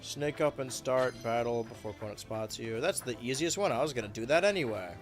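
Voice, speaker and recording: Young guy streaming a game, chatty and joking at himself, voice kinda worn, quiet music behind. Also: medium pitch, fairly quick. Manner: chatty, self-mocking, animated outbursts. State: voice getting worn. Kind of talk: casual gameplay commentary.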